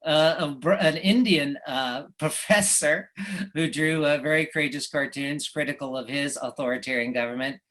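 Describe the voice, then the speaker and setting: An American man, a cartoonist, giving a wry, anecdotal slide presentation, pausing often with fillers and little chuckles. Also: fairly high pitch, fairly bright tone. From United States.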